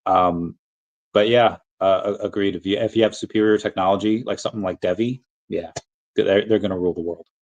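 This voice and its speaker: American male stream host, rambling casual delivery, low-ish register. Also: fairly even intonation, brisk, muffled recording. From United States. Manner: rambling, many restarts and fillers. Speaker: livestream host answering chat. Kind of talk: casual livestream chat.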